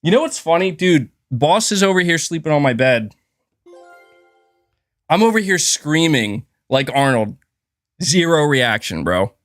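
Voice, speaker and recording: A man's voice: a little high, lively intonation, measured pace, long pauses, fairly bright tone, no room sound, studio quality, soft background music. A man hosting a casual gaming livestream, rambling and thanking viewers, with a sore throat. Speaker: gaming channel host.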